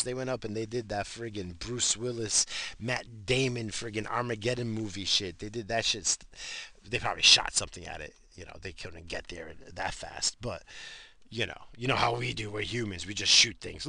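A man's voice: lowish voice, moderate pace, creaky, sharp tone, no echo. A man talking in a casual, rambling monologue, swearing freely and laughing at his own asides.

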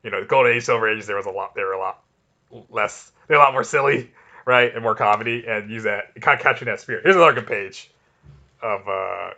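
Enthusiastic man with a bright voice. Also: lowish voice, fast talker, lo-fi sound. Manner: enthusiastic, rambling with restarts. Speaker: podcast co-host. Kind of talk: casual chat.

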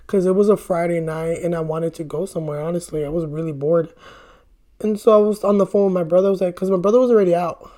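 A man's voice: high-pitched, fast, warm tone. A young man chats straight to camera as he does his makeup, spinning a long, rambling story about a date gone wrong. He talks loosely and casually, drops "bro" often, and swears freely whenever he gets worked up. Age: young adult. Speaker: vlogger.

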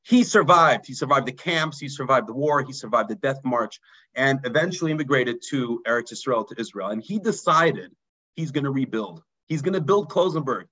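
A man's voice: lively intonation, moderate pace, low-quality recording. Man, rabbi, storytelling sermon, dramatic drops in volume. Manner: dramatic storyteller, drops low and quiet for emphasis. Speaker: rabbi teaching a mussar class.

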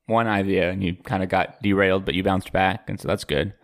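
A man's voice: sits low, steady tone, brisk. Punning man quizzing his co-host. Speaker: podcast co-host. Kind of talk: casual quiz banter.

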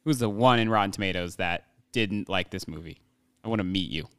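A man co-hosting a casual movie review podcast, excitable and quick to laugh, swearing casually. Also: low voice, clear, resonant tone, no echo, clean studio sound. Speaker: podcast co-host.

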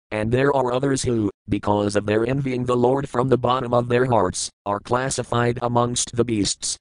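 A man reads scripture aloud in a steady, measured recitation. Even his formatting marks are read out plainly. The sound is close and dry, with no room around it. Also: mid-range voice, dry recording, rough recording. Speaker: scripture reader. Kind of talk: scripted reading of verses and commentary.

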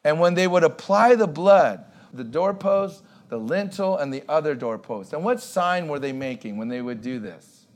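A male pastor preaching a sermon in an emphatic way, repeating key words and slowing down to stress them. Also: on the high side, lively intonation.

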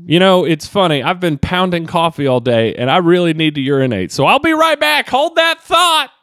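This man, a stand-up comedian with a slight Southern twang from Kentucky, rambles through a solo comedy podcast while mocking himself. He's animated, leaping in pitch for comic effect, and speaks at a moderate pace in clean studio sound without any room echo.

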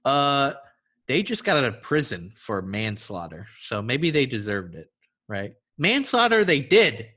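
A man's voice: medium pitch, very animated, measured pace, sharp tone, breathy edge. A man riffing playfully in a casual comedic podcast chat. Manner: riffing, playful, slips into silly voices.

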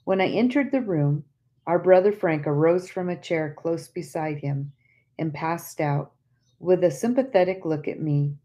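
Woman audiobook narrator, low and mellow, slow, tender delivery. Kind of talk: reading an audiobook.

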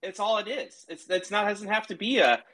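A man's voice: sits high, moderate pace, bright, forceful tone. A man in casual argumentative banter on a call, lecturing his co-host in a mock-patient tone. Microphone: remote call mic.

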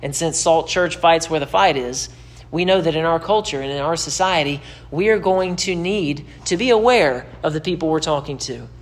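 Emphatic preacher man, repetitive. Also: moderate pace. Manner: emphatic, repetitive, climbs in pitch when exhorting. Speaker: pastor. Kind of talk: sermon-style teaching to camera.

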